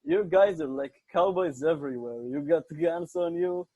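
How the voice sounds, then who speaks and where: A man's voice: a little high, animated, moderate pace, warm tone, dry recording, dull audio. A man from Israel with an Israeli accent, a native Hebrew speaker, chatting bluntly and crudely as a podcast guest. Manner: blunt, crude, laughs often. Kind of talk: casual podcast chat.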